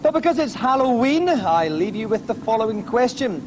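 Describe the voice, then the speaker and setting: A man's voice: extremely high pitch, very animated, normal speed. A man hosting a games show from an office, asking questions and signing off with dry jokes. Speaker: host. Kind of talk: presenting to camera. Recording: noticeable background noise.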